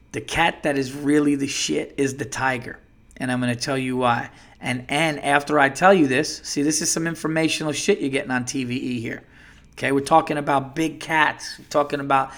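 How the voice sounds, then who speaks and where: A male podcast host riffing through a comedic monologue. He swears freely and slips into quick impressions of the people in his stories. His voice sits in an ordinary middle pitch. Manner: profane, animated, acts out voices in quotes.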